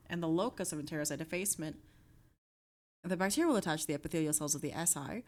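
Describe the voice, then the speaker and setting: With a fairly low, darkish voice, a young woman reads her study notes aloud on stream, filling them with fillers and self-corrections. She interrupts herself to banter playfully with her chat.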